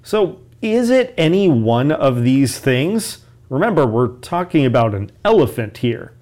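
Man co-host, mid pitch, plain explainer who defines words. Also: big pitch swings, unhurried, darkish tone. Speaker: co-host and teacher. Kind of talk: explaining a lesson to learners.

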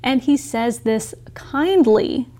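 A woman co-hosting a lesson, retelling a story slowly and clearly for learners. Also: fairly high pitch, lively intonation, mellow. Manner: slow, clear, explaining. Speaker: co-host and teacher.

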